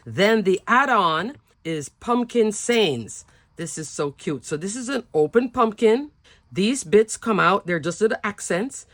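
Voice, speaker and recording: A woman hosting a craft video, chatting warmly and gushing over cute stamps as she shows them. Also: lowish voice, dry recording. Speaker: craft channel host. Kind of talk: casual product show-and-tell.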